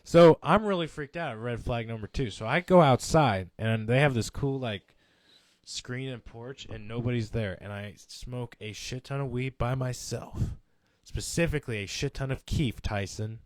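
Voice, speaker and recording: Animated young man telling a story, dry sound. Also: mid-range voice, moderate pace, no room sound. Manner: animated, swearing, acts out quotes. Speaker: podcast guest storyteller. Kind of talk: casual storytelling chat.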